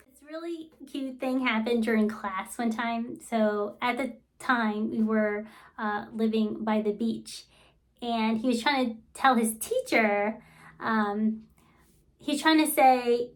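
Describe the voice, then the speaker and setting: Woman, 30s, casual vlogger, slightly high voice, enthusiastic and chatty. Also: a little slow. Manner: enthusiastic, fond storytelling with many fillers. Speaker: vlogger and homeschooling mother. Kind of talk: casual vlog talk.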